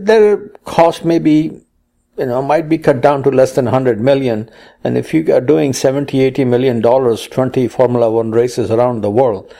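A man's voice: mid-range voice, dark tone. A man co-hosting a casual chat, reading news items aloud with playful puns and quotes. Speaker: co-host.

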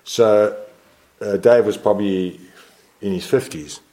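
A man in his sixties with a lowish voice tells a long anecdote. He rambles and keeps correcting himself, animated and quick in spurts. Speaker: motorsport photographer guest. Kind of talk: interview storytelling.

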